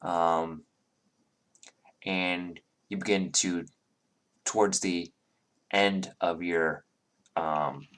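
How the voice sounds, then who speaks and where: A man with a low, deep voice runs a tabletop game as dungeon master. He narrates the scene in a halting way, stopping often with ums and starting his sentences over. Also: fairly even intonation, fairly bright tone, smooth. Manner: halting, full of ums and restarts.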